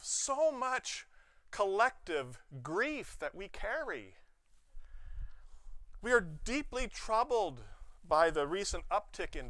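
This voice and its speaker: Bright high-voiced male preacher. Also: dry recording. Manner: expressive preaching with playful asides. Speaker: pastor. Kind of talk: sermon. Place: church sanctuary.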